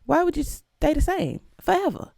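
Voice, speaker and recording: Young woman podcast host, low and gravelly, dry close sound, casual and emphatic. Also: very animated, normal speed, darkish tone, no room sound. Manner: emphatic and conversational, with sudden jumps up in pitch. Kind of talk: casual solo podcast commentary.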